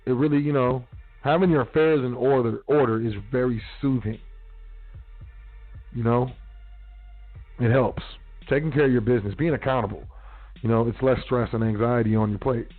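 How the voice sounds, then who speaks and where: Over a phone-quality radio line with faint background music, a man with a steady, mid-range voice talks at a moderate pace with long pauses. In a casual solo show, he lectures listeners bluntly with street slang and cursing.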